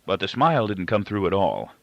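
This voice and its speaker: A man reading a novel aloud, measured and expressive. His low, gravelly voice moves widely in pitch. The recording is muffled and dry. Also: no echo. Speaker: audiobook reader. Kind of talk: novel narration.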